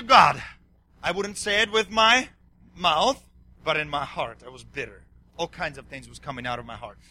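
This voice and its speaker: A middle-aged male pastor with a high voice preaches a sermon excitably, swinging between yelling and quiet asides.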